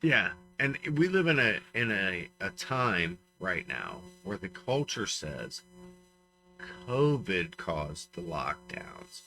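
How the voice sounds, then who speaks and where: A man's voice: low-pitched, big pitch swings, slow, pushed and bright, soft background music, low-quality recording. A man co-hosting a comedy podcast, giving emphatic, ranting opinions in casual banter. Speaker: podcast co-host.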